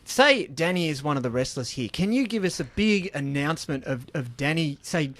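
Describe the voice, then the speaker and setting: An Australian man co-hosting community radio, cheery and quick to laugh while asking questions. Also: on the high side, expressive, fairly bright tone. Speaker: radio co-host. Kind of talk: playful community radio chat.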